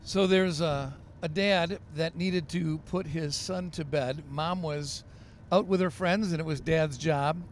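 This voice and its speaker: A pastor spinning stories for a podcast, animated and full of little ums and uhs. His voice sits a bit high for a man and carries a gravelly fry. A faint hiss runs under it. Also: takes it slowly. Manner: animated storyteller with many fillers. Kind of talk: storytelling on a podcast.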